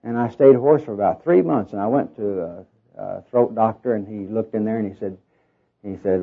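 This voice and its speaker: Heard on a dull lo-fi sermon recording, a middle-aged Southern man with a nasal tone, from Oklahoma but raised in Arkansas, preaches through homespun stories packed with fillers and self-mocking humor. His lowish voice is gravelly and husky, at a moderate pace.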